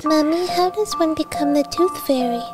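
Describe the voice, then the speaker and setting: Woman doing little girl voice, very high, eager, pleading, kids' music behind. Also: normal speed, natural voice. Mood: curious. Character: curious little girl who wants to be the Tooth Fairy. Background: children's music.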